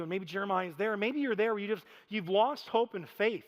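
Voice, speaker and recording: High-voiced pastor in a reverberant hall. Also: male voice, fast, few pauses. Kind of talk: storytelling sermon. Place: church sanctuary.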